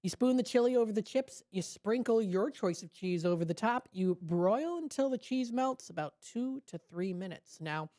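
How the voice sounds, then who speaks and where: A woman radio host chats through a food segment in an easygoing, upbeat way, quick to laugh at her own puns. Her voice sits at an ordinary pitch with a mellow, warm tone. She is close on a studio microphone. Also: expressive. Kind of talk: casual radio chat segment.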